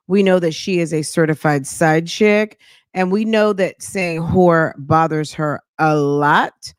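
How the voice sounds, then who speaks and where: A woman's voice: on the low side, animated, a little slow, no echo, clean studio sound. A woman from New Jersey hosting a reaction channel, chatting casually with sassy, judgy asides. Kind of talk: casual commentary.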